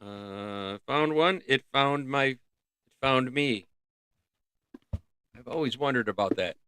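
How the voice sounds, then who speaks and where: A man hosting a casual livestream, rambling and joking as he thinks out loud. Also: mid-range voice, takes it slowly, a little hiss or hum. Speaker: livestream host.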